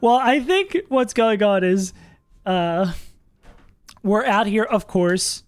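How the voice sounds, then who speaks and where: In casual livestream commentary, a chatty streamer thinks through game strategy out loud, laughing often and second-guessing the numbers. The middle-pitched voice is expressive and slow, recorded close and dry with no echo and faint music underneath.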